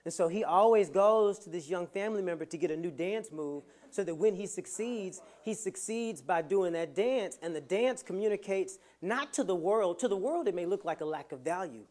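A preacher giving a motivational sermon with playful humor, swinging from soft asides to loud, emphatic lines. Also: mid-range voice, expressive, normal speed, hardly any pauses.

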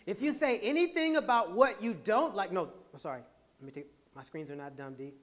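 A man hosting a podcast, giving an animated, laughing, preacher-like motivational talk to a live audience. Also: high voice, fairly quick. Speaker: podcast host and speaker.

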